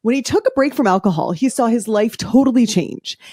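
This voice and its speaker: A woman's voice: on the high side, lively intonation, a little fast, dark tone, husky, no echo, studio quality. A woman hosting a podcast, reading an upbeat intro and asking interview questions with emphatic energy. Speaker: podcast host.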